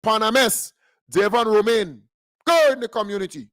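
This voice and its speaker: A man's voice: sits high, animated, moderate pace, a bit bright, dry recording, studio quality. A man with a Grenadian accent delivering political radio commentary as a fiery, mocking and combative rant.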